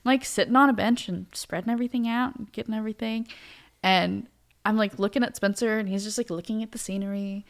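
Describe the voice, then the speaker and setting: A woman co-hosting a casual podcast, telling a story with lively energy and frequent laughter. Her voice is smooth and clear, set at a middle pitch. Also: fast. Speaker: podcast co-host.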